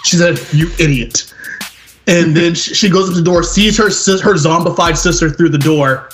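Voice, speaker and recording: Young male podcast co-host, lively storyteller who acts out quotes, somewhat high-pitched, light music underneath. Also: fairly quick. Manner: animated retelling, acts out quotes, laughs often. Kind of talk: casual film review chat.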